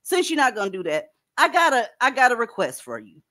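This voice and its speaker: A woman's voice: fairly high pitch, wildly swooping pitch, brisk, a bit bright. A woman hosting a casual online panel chat, blunt and profane, lecturing her listeners. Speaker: panel host.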